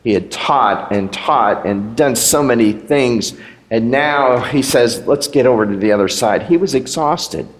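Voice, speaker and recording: A man's voice: mid-range voice, animated, unhurried. A man preaching a sermon as pastor, in a conversational way with rhetorical questions. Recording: echoey hall with long reverb.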